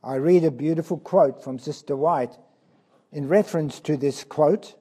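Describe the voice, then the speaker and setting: A man preaching a sermon, impassioned and full of questions for his listeners, swinging from loud cries down to low, quiet asides. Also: moderate pace, slightly rough.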